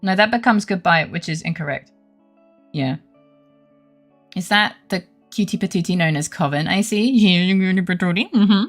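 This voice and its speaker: A woman's voice: on the low side, normal speed, faint music behind. A young adult woman streaming a game, chatting casually with her live chat; playful and giggly, and she swears freely.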